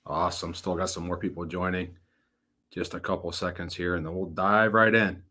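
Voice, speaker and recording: A man's voice: low voice, level tone, normal speed, sharp tone. A man in his thirties, a financial advisor, hosting a casual webinar in a folksy, upbeat way, telling stories and acting out the voices in them. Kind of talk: casual webinar presentation with storytelling.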